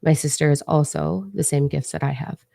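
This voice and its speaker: A woman telling a personal story in a casual, animated way, with lots of filler words. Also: deep voice, normal speed, gravelly, dry recording. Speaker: spiritual channel host.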